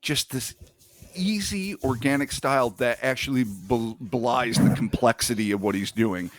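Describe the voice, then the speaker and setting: A man's voice: mid-range voice, moderate pace. Articulate man musing on a podcast. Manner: thoughtful, articulate, swears casually. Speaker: podcast co-host. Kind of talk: casual chat.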